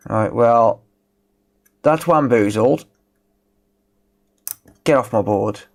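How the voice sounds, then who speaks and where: Man, Black Country accent, mid-pitched, easygoing joking live-stream repair chat. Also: drawn-out words, gravelly. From England, West Midlands (Dudley). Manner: chatty and joking, answers viewers' chat. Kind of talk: casual live-stream commentary while repairing. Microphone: rechargeable wireless microphones.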